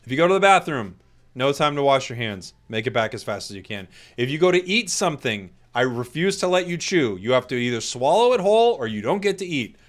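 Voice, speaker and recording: A man's voice: medium pitch, big pitch swings. Man caster ranting in mock outrage. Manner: mock-outraged joking, riffing on chat messages; stammering restarts, quick laughs. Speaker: esports tournament caster. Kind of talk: playful live-stream chat during a break.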